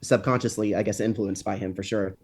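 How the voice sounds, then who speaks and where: A young man, a filmmaker guest, talking in a quick, upbeat, self-effacing way in a casual interview. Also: fairly low pitch, steady tone, darkish tone, breathy edge.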